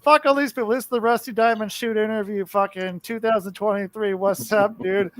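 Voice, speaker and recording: Pria bersuara tinggi, ngobrol kasar. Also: male voice, sits high, fairly even intonation, a little fast. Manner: brash, profane banter. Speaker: podcast guest, wrestler. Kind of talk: casual chat.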